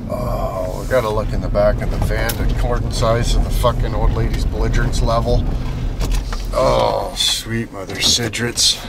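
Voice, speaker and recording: A man hosting a vlog from inside a moving vehicle, crude and profane, keeping up a loud running commentary. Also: lowish voice, flat delivery, moderate pace, creaky. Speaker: vlog host. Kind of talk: rowdy casual chat while driving. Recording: loud vehicle road noise. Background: engine and road noise.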